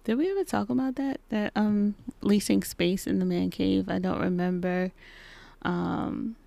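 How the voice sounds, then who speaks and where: A woman in her thirties hosting a casual solo podcast from her home basement, chatting and acting out little exchanges in lively voices. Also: mid-range voice, measured pace, gravelly, no room sound. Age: 30s. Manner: chatty, acts out quoted exchanges in animated voices. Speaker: podcast host. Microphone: podcast microphone.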